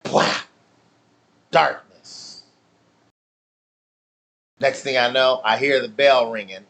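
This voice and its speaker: A man's voice: mid-range voice, slow pace, gravelly, pauses often. Profane man telling a story. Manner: profane, laughing, animated storytelling. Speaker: channel host. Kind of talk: casual storytelling.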